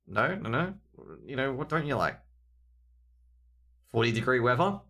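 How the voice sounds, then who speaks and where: A man's voice: medium pitch, expressive, a little slow, sharp tone. An Australian man casting a live esports match, rambling and joking with the chat between rounds. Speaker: esports caster.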